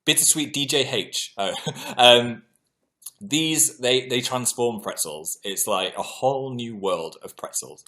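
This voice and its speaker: A man's voice: medium pitch, slow pace. A man in his thirties chatting casually on a livestream, telling stories animatedly, laughing often and poking fun at himself. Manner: animated storytelling, self-deprecating, laughs often. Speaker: livestream host.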